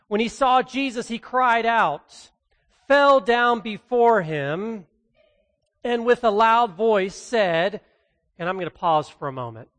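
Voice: mid-range voice, fairly bright tone, in a large hall. A pastor giving a sermon and reading scripture, earnest and conversational, leaning hard on key phrases.

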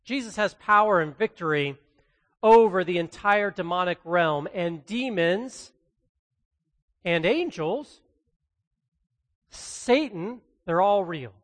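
Speaking slowly and pausing often, an earnest pastor preaches from scripture in a relaxed, conversational style, leaning hard on the key points. His voice is mid-pitched, and long reverb follows each phrase as though he's in a large church hall.

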